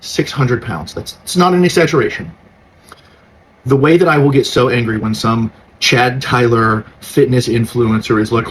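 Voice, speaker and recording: A man's voice: medium pitch, moderate pace, slight background noise, rough recording. A man talking frankly and with some exasperation about his own weight history. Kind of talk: casual talk on weight loss.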